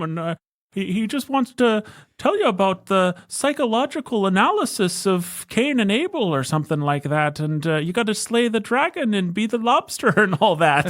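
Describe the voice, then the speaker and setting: A man doing an impression of an excitable, dorky middle-aged male professor in a high, eager, bouncing voice, far above his own. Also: full character voice.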